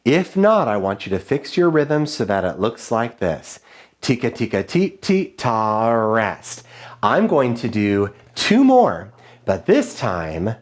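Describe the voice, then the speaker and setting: A man teaching a children's music lesson, his voice leaping up into a sing-song for the rhythm chants. He speaks slowly and deliberately, with very animated intonation and warm encouragement. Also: medium pitch. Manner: clear, encouraging classroom call-and-response.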